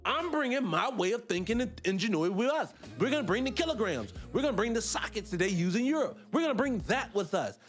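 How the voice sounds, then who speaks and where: Animated, high-voiced man ranting casually. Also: fast talker, hardly any pauses, faint music behind. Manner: animated, rambling, blunt and profane. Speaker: host. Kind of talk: casual live-stream monologue.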